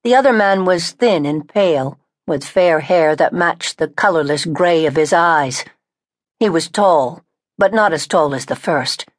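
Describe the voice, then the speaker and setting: A woman reading a novel aloud in first person, with measured, even storytelling into a close studio mic. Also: low-pitched, dry recording. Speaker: audiobook narrator. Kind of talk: scripted first-person narration.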